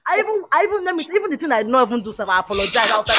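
A woman, chatting on a podcast panel and telling a story in an animated, emphatic way. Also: fairly high pitch, rapid-fire, few pauses, noisy background. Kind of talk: casual chat.

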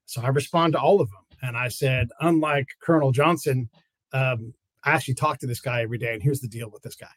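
Husky-voiced man telling war stories. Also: mid-range voice, fast, no room sound. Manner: animated storyteller acting out quotes. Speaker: guest, former intelligence officer in Afghanistan. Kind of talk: casual storytelling interview.

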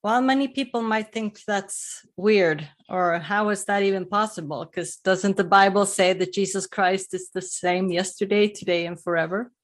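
A woman hosting an interview, asking measured questions and reacting with light laughter. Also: mid-range voice. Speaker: interviewer host.

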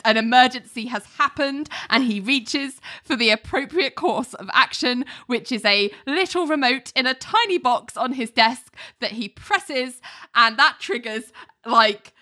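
A woman co-hosting a casual podcast, retelling a TV episode in an animated way and acting out the characters' lines. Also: on the high side, measured pace. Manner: animated storytelling, acts out quotes. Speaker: podcast co-host recapping a TV episode. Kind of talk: casual chat.

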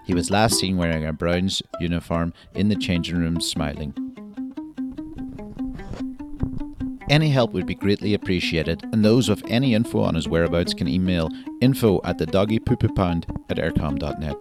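A man voicing a brash mock TV newsreader who reads the headlines in a loud, punchy way. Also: deep voice, natural voice. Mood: mock-solemn.

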